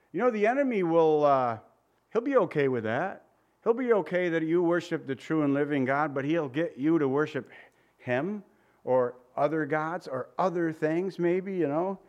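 A man preaching a sermon, retelling old scripture passages in a relaxed, joking way with voiced asides. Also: a little high. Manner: reads old-fashioned scripture passages aloud.

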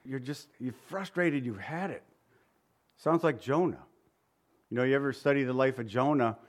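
This man's voice sits in the mid range at an ordinary pace as he preaches. He reads old-fashioned scripture aloud and asks his listeners conversational questions.

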